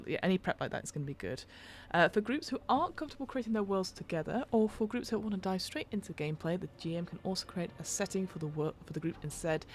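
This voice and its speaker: A British woman hosting a podcast, reading a game rulebook aloud and breaking off into rambling, self-interrupting asides. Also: on the low side. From United Kingdom. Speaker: podcast host and game master.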